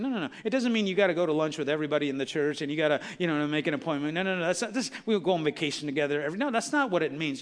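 Male pastor, high bright voice, chatty sermon delivery peppered with questions, long hall reverb. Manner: conversational preaching, many rhetorical questions. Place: church sanctuary.

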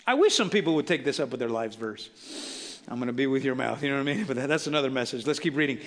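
A man preaching a sermon as a pastor, conversational and animated, acting out Bible characters with casual asides. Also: medium pitch, very fast.

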